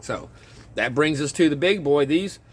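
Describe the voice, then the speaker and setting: A man's voice: a little high, expressive, moderate pace, husky. Rambling, chuckling man in a backyard. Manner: rambling, chuckling, self-interrupting. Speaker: vlogger and home gardener. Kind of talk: casual outdoor vlog. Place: backyard garden, outdoors.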